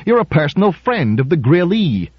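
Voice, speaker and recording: A man's voice: on the high side, sing-song, normal speed, slightly rough, dry recording, dull audio, pitched above the performer's own voice. A man voicing an indignant, argumentative male dinner guest in a storybook reading. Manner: indignant, quarrelsome.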